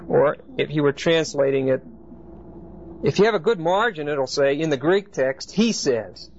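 A man's voice: fairly high pitch, animated, normal speed. A man teaching a Bible study class, explaining each point and often checking in with his listeners. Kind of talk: Bible study lecture to a group. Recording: dull lo-fi recording with faint background hiss.

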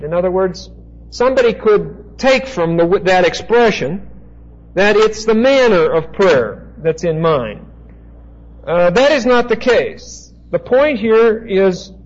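A man teaching a Bible passage as a preacher, slow and deliberate, pausing to spell out Greek words. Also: high-pitched, highs cut off.

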